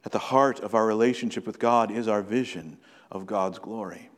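Preaching man in a reverberant hall. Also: lowish voice. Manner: earnest preaching, slowing and rising for emphasis. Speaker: pastor. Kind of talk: sermon.

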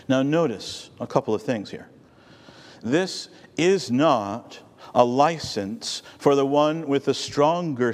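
A male pastor preaching in an easy, conversational storytelling manner. His voice sits at a middling pitch. The sound carries a long hall reverb. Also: darkish tone. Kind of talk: sermon.

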